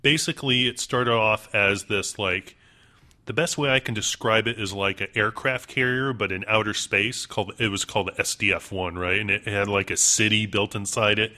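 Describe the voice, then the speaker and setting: A man's voice: on the low side, steady tone, normal speed, bright, forceful tone. A man co-hosting a casual podcast chat, enthusiastic and full of fillers. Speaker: podcast co-host.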